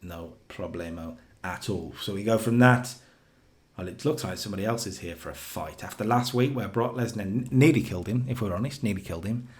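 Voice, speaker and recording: A man co-hosting a casual chat, recapping wrestling storylines with animated storytelling. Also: fairly low pitch. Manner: animated storytelling, does quick character voices in quotes. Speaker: co-host recapping a wrestling sim save.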